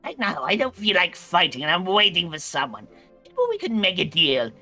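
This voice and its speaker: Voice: medium pitch, very animated, normal speed, bright, forceful tone, exaggerated voice. A player voicing a scheming male ratman king in a put-on Irish accent, in a tabletop-style video game session, with faint music behind.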